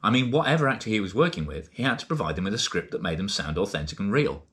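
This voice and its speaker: A man, chatting in a casual vlog and reading out passages from a book, with lots of fillers and lively asides. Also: fairly low pitch, quick pace. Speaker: vlogger and co-author reading from a book.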